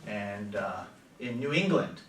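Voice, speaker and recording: A man with a General American accent, a language teacher, gives a classroom lecture in a lowish, expressive voice, taking his time. He's chatty and keeps pausing to put questions to his students. The recording picks him up from a distance in an echoey room, with background noise.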